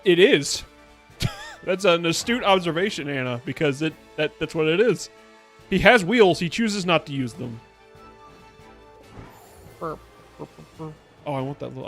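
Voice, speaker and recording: A man's voice: fairly high pitch, normal speed, pauses often, fairly bright tone, faint music behind. A man giving casual gameplay commentary on his stream, rambling and playful, often restarting his sentences. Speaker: VTuber streamer.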